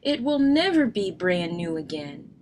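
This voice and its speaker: A woman reading aloud, voicing an excitable young boy bear cub in a storybook who talks loud and whiny. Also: on the low side, a little slow, slight background noise. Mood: upset.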